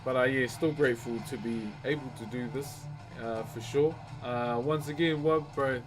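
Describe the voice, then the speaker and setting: A man's voice: medium pitch, fairly even intonation, moderate pace, rough recording. A man with a New Zealand accent, live-streaming his wood carving and chatting casually with viewers, calling everyone bro. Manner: laid-back, calls everyone bro. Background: music playing.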